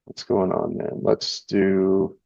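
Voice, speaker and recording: Young male streamer, low voice, loose and rambling, dry lo-fi audio. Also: slow pace, creaky, no echo. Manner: relaxed and rambling, reading chat and charts aloud. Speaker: live trading show host. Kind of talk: casual live-stream chat. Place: home indoors.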